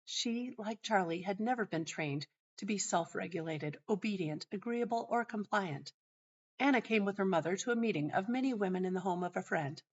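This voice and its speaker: Calm woman telling a story, lo-fi. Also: medium pitch, normal speed, slightly rough. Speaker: host and teacher. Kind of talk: narrating a personal teaching anecdote. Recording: dull lo-fi sound.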